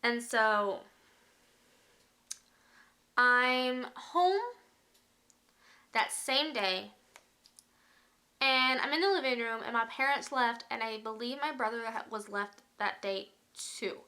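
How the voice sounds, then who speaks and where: A young woman vlogger tells a story from her own life at home, chatty and animated, full of likes and ums. Her voice is clear and bright, sitting a bit high for a woman. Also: slow, long pauses. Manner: chatty, animated retelling with many fillers. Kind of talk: casual storytime.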